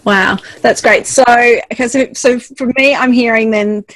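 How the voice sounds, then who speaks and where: A woman's voice: on the high side, a little slow, dry recording. A woman hosting an interview, summing up and affirming her guest's points. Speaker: host. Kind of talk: interview chat.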